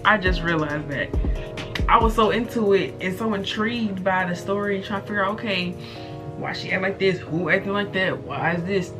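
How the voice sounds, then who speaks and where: A woman's voice: mid-range voice, normal speed. A woman hosting a reaction video, making chatty, incredulous asides. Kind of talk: casual reaction commentary. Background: background music.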